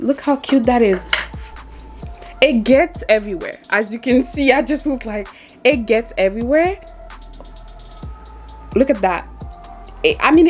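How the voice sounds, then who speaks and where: A young woman reviewing makeup in a casual vlog, chatty and laughing often, repeating words as she goes. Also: a little high. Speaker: beauty vlogger.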